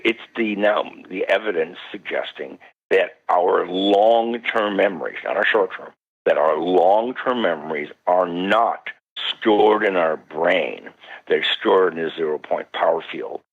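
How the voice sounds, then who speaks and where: A man being interviewed as a guest parapsychologist, telling stories animatedly with sudden jumps in pitch. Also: takes it slowly, husky. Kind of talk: recounting stories in a radio interview. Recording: dull lo-fi radio call.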